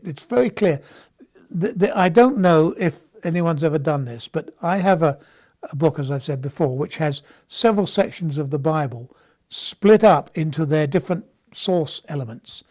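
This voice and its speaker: Leading an informal Bible study, a man speaks in a slightly high voice with a darkish tone. His conversational delivery is full of repeated words, restarts, and "okay?" checks.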